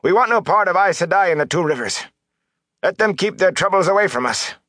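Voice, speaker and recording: A man's voice: sits high, lively intonation, a little fast, pushed and bright, dry recording, studio quality, voice pushed up. A man voicing an agitated male villager who pleads and then shrills in alarm. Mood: alarmed pleading.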